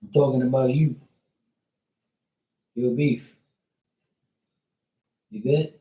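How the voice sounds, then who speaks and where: Over narrow, tinny audio, the tarot-reading livestream host speaks slowly in a medium-pitched, fairly even voice. His casual chat is loose and profane, wandering between his viewers and his dog.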